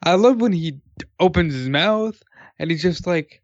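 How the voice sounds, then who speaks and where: Man, casual podcast chat, opinionated, swears, slightly high voice, dull dry mic. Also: expressive, no room sound. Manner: opinionated, profane, quick.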